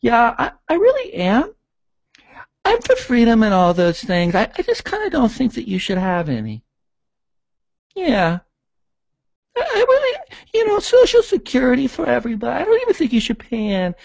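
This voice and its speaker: Smug whiny liberal caricature, man doing the voice, high nasal, lo-fi sound. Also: wildly swooping pitch, normal speed, creaky, no echo, heavily acted. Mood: mocking. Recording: dull lo-fi audio.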